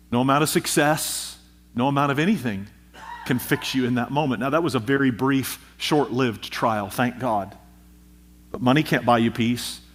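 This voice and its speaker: A pastor preaching a sermon, with emphatic delivery and rhythmic repetition. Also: male voice, mid-range voice, a bit bright. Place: church.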